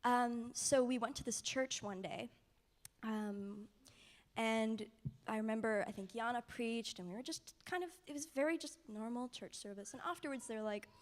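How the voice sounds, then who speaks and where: A young woman telling a personal faith testimony in a soft, casual way, often sinking to a near whisper. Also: on the high side, normal speed. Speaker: mission trip participant sharing testimony.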